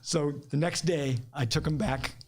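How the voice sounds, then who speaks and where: A middle-aged man from Ohio with a high-pitched voice tells stories in a casual, animated way. He laughs easily and slips into other people's voices for the quotes. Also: unhurried. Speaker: podcast guest. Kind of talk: casual storytelling.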